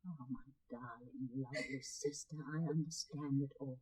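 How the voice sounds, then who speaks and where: A gentle, consoling elder sister. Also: female voice, a little high, big pitch swings, normal speed, rough recording. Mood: tender. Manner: soft, earnest, consoling. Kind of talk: vintage radio play acting.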